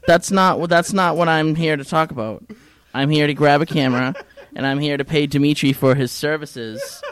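A man on a radio comedy show speaks in a slightly high voice. His tone is deadpan and mock-earnest as he spins a silly story. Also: moderate pace. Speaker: studio guest. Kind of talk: casual comedy chat.

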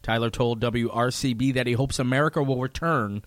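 A man in casual political chat, relaxed, reading news items aloud. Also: mid-range voice, brisk, no room sound.

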